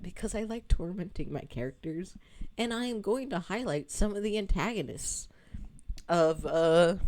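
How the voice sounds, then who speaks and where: Low-voiced woman rambling on stream about her game, laughs a lot, swears casually. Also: a little mellow, a little hiss or hum. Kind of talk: casual livestream chat.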